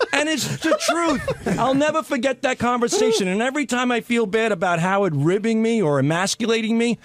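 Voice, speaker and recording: Lively high-voiced male radio staffer, dry studio sound, animated storyteller. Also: brisk, no room sound. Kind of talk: casual studio chat.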